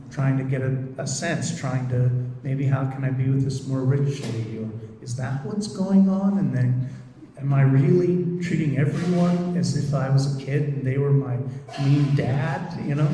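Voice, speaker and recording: Man lecturing softly in an echoey hall. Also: medium pitch, slight background noise. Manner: gentle, reflective, rambling with fillers. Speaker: meditation group leader and therapist. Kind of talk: recorded presentation. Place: lecture room. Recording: echoey hall, distant mic.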